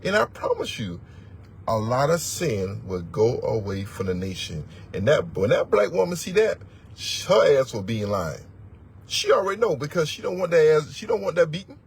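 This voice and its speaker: A man's voice: on the high side, big pitch swings, normal speed, vocal fry, slightly rough. A man teaching as a religious elder, preaching in a blunt, profane, emphatic way and repeating words for force. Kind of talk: fiery sermon-style teaching.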